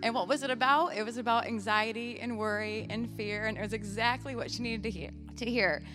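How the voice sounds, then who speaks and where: A woman's voice: fairly high pitch, fairly even intonation, a little fast, over music. A woman who teaches nursing, sharing an earnest, heartfelt testimony at a church service with frequent ums. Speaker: nursing instructor giving testimony. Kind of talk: personal testimony.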